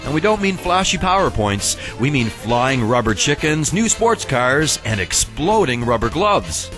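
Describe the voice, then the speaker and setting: Male promo voice-over over loud music. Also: mid-range voice, big pitch swings, measured pace. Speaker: promo narrator.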